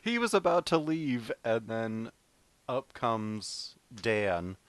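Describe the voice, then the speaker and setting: A man co-hosting a podcast in casual chat, relaxed, laughing often and restarting his sentences. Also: medium pitch, slow, dry recording. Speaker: podcast co-host.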